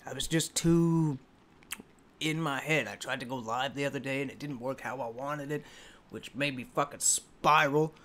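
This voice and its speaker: A man's voice: medium pitch, moderate pace, fairly bright tone, a little hiss or hum. Profane, rambling man reacting to music. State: emotional. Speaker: music reaction video host. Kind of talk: casual reaction commentary.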